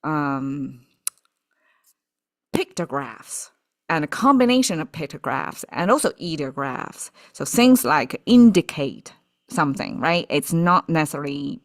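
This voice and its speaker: A woman's voice: deep voice, very animated, unhurried. A woman teaching characters in a casual, explanatory way, thinking aloud and often checking in with "okay" and "right". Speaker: Chinese vocabulary teacher.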